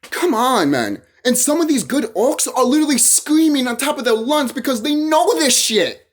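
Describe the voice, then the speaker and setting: Vlogger, ranting solo to camera: husky voice, pitch swinging wide, profane and repetitive. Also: big pitch swings, normal speed. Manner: heated, profane, repeats phrases and restarts.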